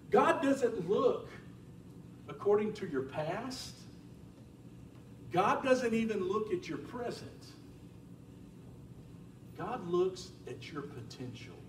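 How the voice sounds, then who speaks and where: A man preaching a sermon as a pastor in a church, telling stories in an animated way. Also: sits high, a little hiss or hum. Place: church sanctuary. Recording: roomy church sound from a distant mic.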